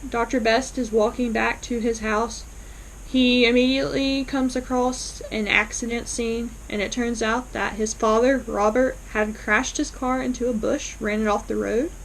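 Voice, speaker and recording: A woman's voice: on the high side, fairly even intonation, normal speed, creaky, slight background noise, poor audio. A woman vlogger casually recapping a TV episode, retelling scenes in a chatty way with fillers.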